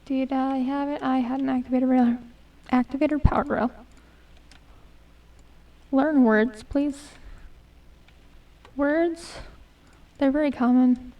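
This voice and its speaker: High-voiced young woman streamer, slow and mellow. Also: fairly even intonation, muffled recording. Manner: chatty self-talk, hums and mutters while playing. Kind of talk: casual gameplay commentary. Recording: voice a bit distant from the mic.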